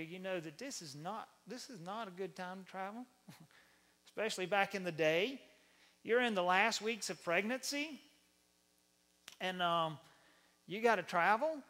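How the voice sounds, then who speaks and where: A man with a Southern accent preaching a sermon in an animated, conversational storytelling manner. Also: high voice. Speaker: pastor.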